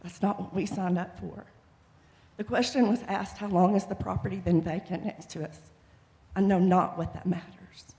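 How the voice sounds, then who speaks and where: Impassioned woman, gravelly, in echoey chamber. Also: medium pitch, mellow. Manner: impassioned, pleading. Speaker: resident speaking at public comment. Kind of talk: public comment at a council meeting. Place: city council chamber. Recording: reverberant council chamber.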